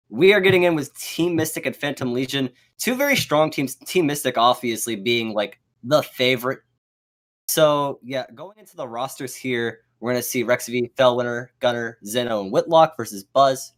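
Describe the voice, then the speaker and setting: A playful man co-casting a live esports match, his voice at an ordinary middle pitch. He teases his partner and rambles, leaning on "like" and "you know" as he runs through the teams. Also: moderate pace, a bit bright. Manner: playful and joking, rambling with fillers. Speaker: esports co-caster.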